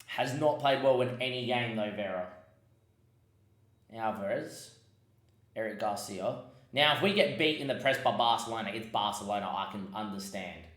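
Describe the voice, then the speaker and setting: A man's voice: fairly low pitch, normal speed, fairly bright tone, reverberant. A man giving casual commentary on his football management game, muttering asides and breaking into frustrated outbursts. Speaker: gaming podcast host.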